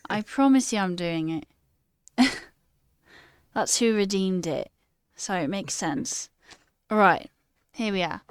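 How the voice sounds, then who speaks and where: A woman's voice: medium pitch, lively intonation, takes it slowly, long pauses, clean tone, no echo. Stream host, a woman learning on air, inquisitive and giggly, dry mic. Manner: curious questions, laughs often. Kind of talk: casual livestream chat.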